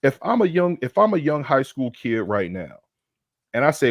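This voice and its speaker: A man's voice: medium pitch, lively intonation, normal speed, no room sound, clean studio sound. Brash, profane man ranting. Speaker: co-host. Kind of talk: casual sports talk livestream.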